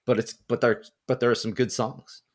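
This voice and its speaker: A man's voice: medium pitch, little pitch movement, normal speed. A man co-hosting a podcast, giving his opinion in a laid-back, hedging way. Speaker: podcast co-host. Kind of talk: casual chat.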